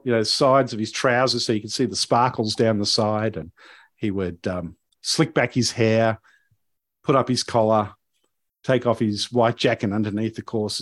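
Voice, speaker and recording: A man's voice: fairly low pitch, dry recording, clean studio sound. A man hosting a podcast, telling a story in a casual, rambling way with many fillers and restarts.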